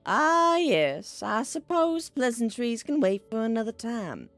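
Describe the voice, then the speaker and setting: A woman voicing a polite, soft-spoken older mother with a put-on Southern accent while reading a game aloud. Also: fairly high pitch, sing-song, unhurried, dry recording, faint music behind, voice pushed up, exaggerated voice. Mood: genteel. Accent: put-on American Southern. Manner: polite, gently concerned, lilting. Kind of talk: reading a visual novel aloud, doing voices.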